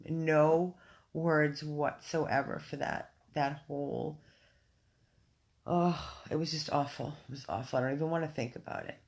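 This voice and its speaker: Woman, low pitched, gravelly, unhurried, effusive livestream chat, full of ums, recorded on a phone at home. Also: fairly even intonation, darkish tone. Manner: chatty and effusive, many ums and restarts. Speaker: dog rescue volunteer hosting a livestream. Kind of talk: casual livestream chat, reading viewer comments.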